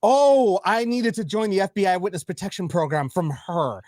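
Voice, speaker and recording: Excitable high-voiced male host. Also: moderate pace, no echo, studio quality. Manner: excitable, exasperated, swearing. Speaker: podcast host. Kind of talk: casual livestream chat.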